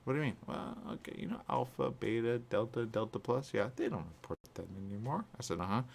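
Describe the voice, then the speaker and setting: A man hosting a live talk show, telling a story in an animated way, often checking in with "okay". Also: medium pitch, fairly quick, creaky. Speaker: host.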